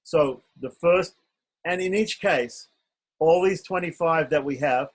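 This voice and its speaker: A man leads an online pronunciation class, speaking very slowly and stretching out each syllable so students can copy it. His voice sits a little high for a man. The sound comes through a video call. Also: husky. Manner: slow, patient, overemphasized syllable drills. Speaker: Sanskrit pronunciation teacher.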